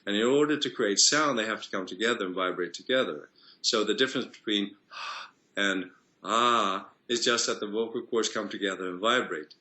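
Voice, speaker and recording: A man working as a voice and singing coach, explaining things in an interview in a teacherly way, with pauses and restarts. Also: on the low side, sharp tone.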